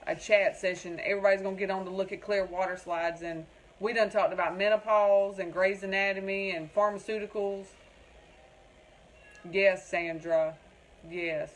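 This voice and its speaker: A woman's voice: medium pitch, fairly even intonation, normal speed. A woman hosting a casual craft livestream, rambling and chatting with viewers in the comments.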